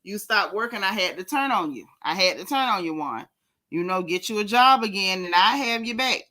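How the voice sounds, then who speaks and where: A woman hosting a gossip vlog, talking casually in a sassy, animated way and repeating herself for emphasis. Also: medium pitch, normal speed. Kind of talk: casual chat.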